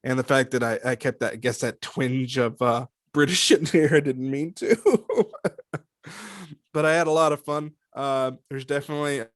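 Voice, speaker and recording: A man being interviewed about his voice work, talking in a lively, animated way, laughing often and slipping into character voices. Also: mid-range voice, normal speed, dry recording, studio quality. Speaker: voice actor guest. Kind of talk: casual interview chat.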